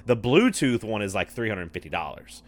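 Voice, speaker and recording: A man's voice: on the low side, very animated, fairly quick. A man co-hosting a casual podcast chat on a headset mic in an office, talking loosely with frequent swearing and laughs. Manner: loose and profane, laughs often. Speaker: podcast co-host. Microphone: wireless headset.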